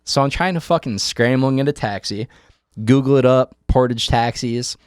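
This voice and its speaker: A man's voice: medium pitch, moderate pace, smooth, no room sound. Guy ranting through a story, swearing a lot, dry close mic. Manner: profane, animated storyteller who acts out quotes. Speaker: podcast host. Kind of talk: casual storytelling chat.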